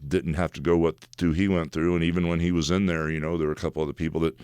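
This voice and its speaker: An older man, a radio guest, telling rambling, animated stories full of "dude" and "brother". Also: deep voice, fast talker, clear, resonant tone, dry recording, studio quality. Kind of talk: casual radio studio chat. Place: radio studio.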